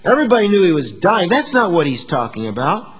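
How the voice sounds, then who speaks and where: A man preaching a sermon to his congregation, moving between hushed asides and emphatic, rising declarations. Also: high-pitched, very animated, fast talker, breathy edge, in a large hall. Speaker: pastor.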